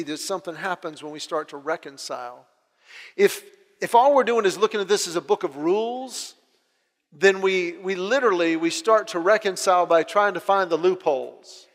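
A man's voice: sits high, expressive, normal speed, a bit bright. A middle-aged man preaching a sermon as a pastor, telling family stories and acting out his kids' voices. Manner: storytelling, acts out his children's voices. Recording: long hall reverb.

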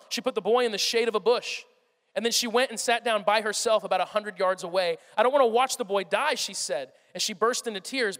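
Pastor, male, high voice, lively sermon that swings from loud to hushed, big echoing hall. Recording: long reverb of a large hall.

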